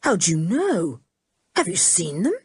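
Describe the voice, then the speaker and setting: A woman's voice: fairly low pitch, very animated, husky, no room sound, studio quality, exaggerated voice. A woman doing a confident cheerful teenage boy. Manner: brisk, reassuring, hearty.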